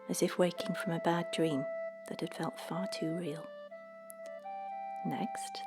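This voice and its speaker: A woman narrating a storybook in a soft, hushed, measured way. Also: on the low side. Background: music.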